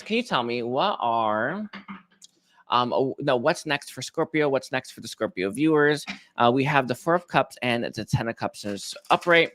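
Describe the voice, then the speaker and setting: Man giving a rambling tarot reading. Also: mid-range voice. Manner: rambling, hesitant, full of restarts and soft laughs. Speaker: tarot reader.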